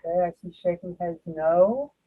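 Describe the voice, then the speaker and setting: A woman runs a committee meeting on a video call, brisk and procedural. Her voice is husky. The audio sounds dull and lo-fi. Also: fairly low pitch. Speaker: committee chair. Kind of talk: chairing a virtual meeting.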